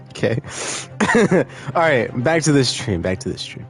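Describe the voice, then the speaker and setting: A man's voice: mid-range voice, sing-song, slow, creaky, faint music behind. Jokey man streaming a game. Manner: jokey, swears, self-mocking. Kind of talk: casual game stream chat.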